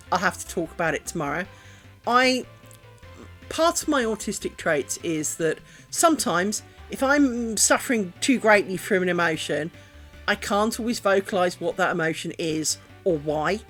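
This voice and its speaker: Over a streaming mic, a British woman talks casually as she streams her crafting, wandering from topic to topic, frankly putting herself down and letting the odd curse slip. Her voice is medium-pitched and a bit bright.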